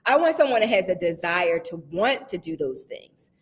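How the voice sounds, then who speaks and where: A woman's voice: lowish voice, very animated, moderate pace. A woman guest in casual conversation who tells stories with energy, acts out what people said, and laughs often. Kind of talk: casual chat.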